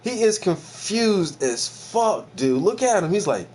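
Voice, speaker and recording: A man's voice: high-pitched, sing-song, unhurried, darkish tone. An American man riffing profanely and mockingly on a podcast clip, laughing often as he rants. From United States. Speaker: video commentator reacting to a podcast clip. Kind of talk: casual profane reaction rant.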